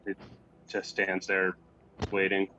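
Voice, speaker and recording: A man with a lowish voice runs a tabletop game as game master. He describes the scene in an easygoing way. The sound is dull and lo-fi, with faint hiss. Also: completely flat delivery, slow, bright, forceful tone. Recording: lo-fi with faint noise.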